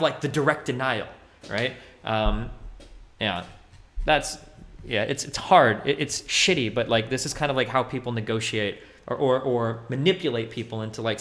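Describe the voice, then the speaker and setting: A man's voice: medium pitch, fairly bright tone. A male streamer giving casual livestream commentary, talking bluntly and profanely in a rambling way with many fillers.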